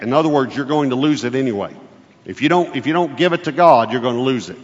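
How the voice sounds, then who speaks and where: A man's voice: medium pitch, animated, fairly quick. A middle-aged man preaching a sermon as a guest speaker, folksy and emphatic, leaning hard on key words. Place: church. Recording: muffled, echoey church hall.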